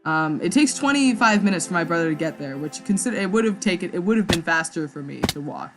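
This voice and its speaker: Talking fast in a lowish, expressive voice, a young woman tells a meandering story during a let's-play, with music in the background. This gaming vlogger stumbles over words, restarts and curses along the way.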